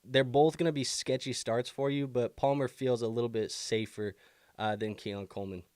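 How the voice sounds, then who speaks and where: Hiccups keep bothering this young man as he runs a live fantasy football stream, fielding viewer questions in a casual, filler-heavy, think-aloud way. He speaks at a moderate pace in a steady, darkish mid-range voice, captured as a dry, clean studio recording.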